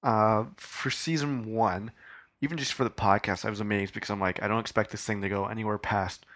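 A man's voice: lowish voice, fairly even intonation, brisk. A young man hosting his own podcast, talking in a loose, rambling and profane way with lots of fillers. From Canada. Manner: shaken and hushed. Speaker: podcast host. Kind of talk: casual solo podcast monologue.

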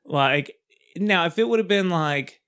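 A man's voice: high voice, lively intonation, unhurried, fairly bright tone, clear, resonant tone. A man hosting a podcast in casual chat, rambling with many fillers and frequent laughs. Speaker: podcast host.

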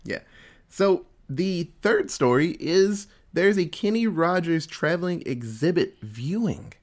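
Man, casual chat, episode recap, animated storyteller, lively up-and-down pitch. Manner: animated storytelling with quick voice switches for quoted characters. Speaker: podcast co-host.

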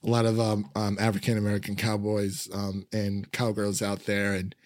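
A man's voice: on the low side, monotone, moderate pace, darkish tone, no room sound, clean studio sound. A man chatting casually about a film, rambling with many fillers and frequent laughs. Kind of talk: casual film review chat.

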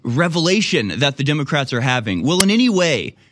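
A man's voice: fairly high pitch, very animated, a little fast, noisy background. A man hosting a political commentary show, talking in a sarcastic, incredulous way with frequent laughs.

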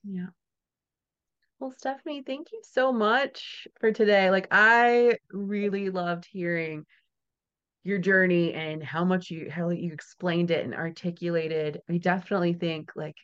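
A woman's voice: on the low side, fairly even intonation, a little slow, fairly bright tone, clean tone, lo-fi sound. A woman hosting a podcast, talking casually and often laughing, with chatty storytelling asides. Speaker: podcast host. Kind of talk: casual interview chat.

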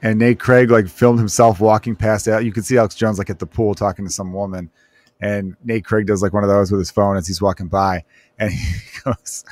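A man's voice: on the low side, level tone, fairly quick, a little mellow, dry recording. A man hosting a podcast, chatting casually with jokes and rambling asides. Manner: rambling, joking, fond of asides. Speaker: podcast host.

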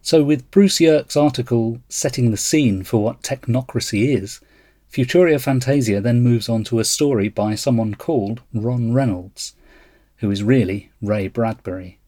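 Podcast guy, husky voice, explains stuff calmly. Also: medium pitch, normal speed, no echo, clean studio sound. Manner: thoughtful, explanatory. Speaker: podcast host. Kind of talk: podcast commentary and reading aloud.

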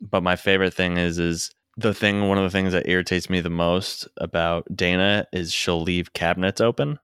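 A man's voice: low-pitched, steady tone, moderate pace, fairly bright tone, clean tone, no echo, clean studio sound. A young man on a casual livestream chat, a parent telling rambling stories about home and laughing as he goes. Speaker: co-host, parent.

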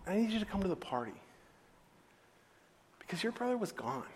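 A man playing a gentle older father who softly and tenderly pleads with his son, in an echoey hall. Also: sits high, wildly swooping pitch, a little fast.

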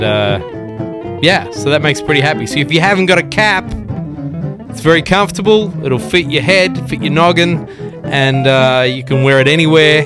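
A man hosting a podcast in a rambling, joking, profane casual monologue. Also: medium pitch. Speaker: podcast host. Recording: music bed behind the voice.

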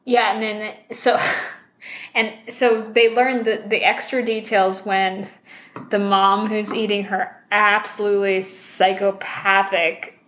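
A young woman with a medium-pitched voice slowly retells a film scene by scene in casual conversation, animatedly acting out the characters' lines, swearing and laughing. The room sounds echoey.

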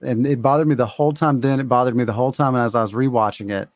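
Man, podcast co-host, casual chat, mid-pitched, dry close recording. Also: fairly even intonation, rapid-fire, no room sound.

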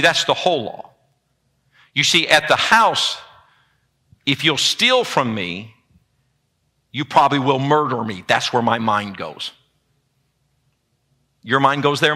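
A man preaching a sermon in a church, with a lively call-and-response delivery. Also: medium pitch. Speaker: pastor. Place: church sanctuary.

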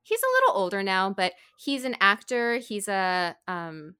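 A young woman telling a story in casual chat, animated and giggly, full of "like". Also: medium pitch, normal speed, clear, resonant tone. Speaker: podcast co-host.

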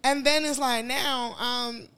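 A woman's voice: high voice, fairly even intonation, slow, bright, forceful tone, clean tone. Blunt, profane woman in her late 20s. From Nigerian family, raised in Chicago. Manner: blunt, profane, storytelling with quoted voices. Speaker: podcast co-host. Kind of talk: casual candid chat.

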